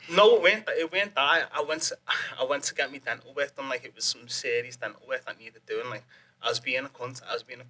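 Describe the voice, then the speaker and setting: A young man tells a story in loose, rambling casual chat, swearing freely and laughing often. His voice is bright and forward and sits at a middle pitch. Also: fairly quick. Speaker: guest, MMA fighter.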